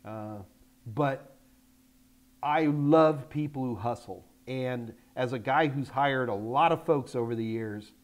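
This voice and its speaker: An older man hosting a live question-and-answer stream, talking bluntly and emphatically and getting loud when frustrated. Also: mid-range voice, slow. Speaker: host answering viewer questions. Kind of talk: live Q&A chat. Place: Texas, United States.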